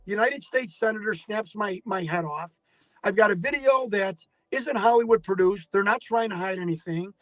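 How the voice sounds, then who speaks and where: A man telling an excitable story as an interview guest, stumbling over restarts and acting out his phone calls. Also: sits high, normal speed, no echo, low-quality recording. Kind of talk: animated storytelling in a podcast interview.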